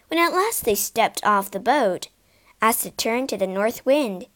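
A woman reads a fairy tale aloud as narrator. Her pace is slow and careful, and her slightly high voice stays expressive. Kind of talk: storybook read-aloud.

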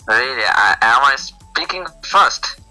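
A man's voice: mid-range voice, expressive, slow, sharp tone, rough recording. A man from Bangladesh, a police officer, talking as a guest over an internet call with many hesitations. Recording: compressed online call with faint music.

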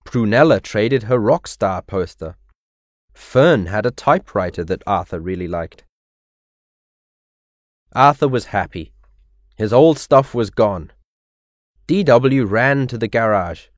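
Man narrating a kids' storybook, slow and lively in pitch, dry close mic. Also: no room sound. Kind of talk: children's storybook reading.

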